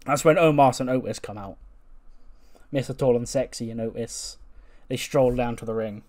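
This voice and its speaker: A man's voice: mid-range voice, moderate pace, a little mellow. A man casually retelling a wrestling sim playthrough in a chatty, storytelling way. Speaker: game commentator.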